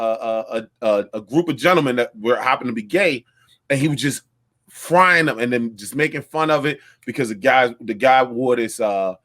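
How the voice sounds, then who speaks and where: A man's voice: medium pitch, fairly bright tone. A man co-hosting a casual comedy chat who talks eagerly and agrees readily.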